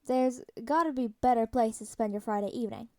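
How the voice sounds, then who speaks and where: A woman's voice: fairly high pitch, a little fast, no echo, natural voice. A woman reading the lines of a wry, easygoing adult man in a story read aloud. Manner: dry, deadpan teasing.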